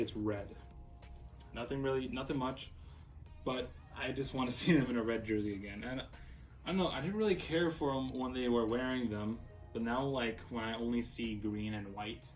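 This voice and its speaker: A man's voice: mid-range voice, a little mellow, low-quality recording. Man from Minnesota, casual rambling delivery, faint background music. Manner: rambling, with many fillers and restarts. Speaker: jersey collector. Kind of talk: casual showcase vlog.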